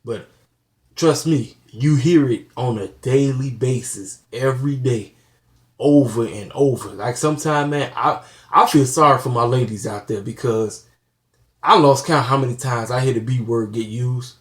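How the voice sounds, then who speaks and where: An earnest man speaks directly to his viewers in a casual, preachy way, with a voice of ordinary middle pitch. He talks plainly and loops back on himself often, leaning on "you know" and "like I said". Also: a little slow. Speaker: channel host. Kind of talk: casual talk to camera.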